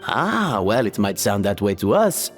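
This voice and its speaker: An actor playing a flamboyant French restaurant host with a thick French accent, theatrical and grandiose, in game audio with long reverb. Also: male voice, on the low side, sing-song, measured pace, faint music behind.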